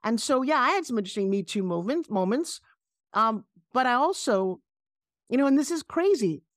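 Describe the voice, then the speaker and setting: A middle-aged woman with a New York accent, a guest telling animated stories on a video call. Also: a little high, a little fast, no echo, studio quality. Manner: animated, emphatic storyteller. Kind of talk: casual interview storytelling.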